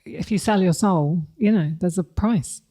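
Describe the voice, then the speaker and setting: A woman's voice: lowish voice, unhurried, mellow. A woman, speaking candidly and reflectively as a podcast guest, laughing often. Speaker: guest, company CEO. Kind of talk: podcast interview conversation.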